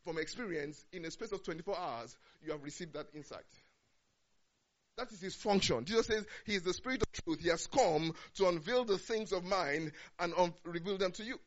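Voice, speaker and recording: A man preaching a sermon, swinging between loud urgent declarations and low, quiet speech. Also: fairly quick, highs cut off.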